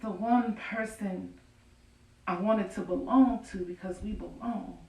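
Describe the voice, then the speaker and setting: An actress playing an enslaved widow from the old South, speaking a folksy, confiding prayer to God in a theatrical monologue, recorded outdoors on a farm. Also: female voice, medium pitch, measured pace, creaky, a little mellow. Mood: tender grief. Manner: folksy, confiding, breaks into rueful laughter. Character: grieving enslaved widow, earthy, wry, defiant. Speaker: stage actor in a historical monologue. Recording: distant, echoey outdoor stage recording.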